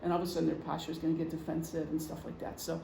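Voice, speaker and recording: A man's voice: on the high side, completely flat delivery, racing, gravelly, mellow. A middle-aged man giving an informal presentation to a group, talking conversationally with examples and frequent ums. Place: meeting room. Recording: echoey room, faint hum.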